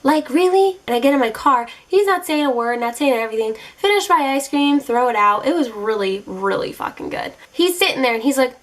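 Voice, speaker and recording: A young woman vlogging from home, her voice a touch higher than most. She tells her dating stories casually straight to camera, animated, sassy and openly exasperated. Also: brisk, hardly any pauses.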